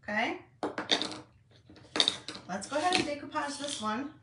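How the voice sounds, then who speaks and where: This fifty-something woman runs a relaxed home craft tutorial, rambling and chatting with her audience while she works. Her voice is a little high and very animated, moving at a moderate pace with long pauses. She's recorded from afar in an echoey room against a noisy background.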